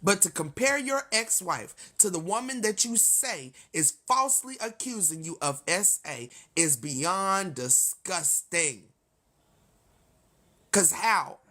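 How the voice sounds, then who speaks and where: A woman with a bright, sharp voice, talking to her viewers on a livestream. She rants in a heated, profane run straight to the camera and keeps breaking into laughter and sorry-filled asides. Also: lowish voice, expressive, slow. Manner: laughs often, apologetic asides. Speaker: livestream host. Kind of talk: casual livestream rant.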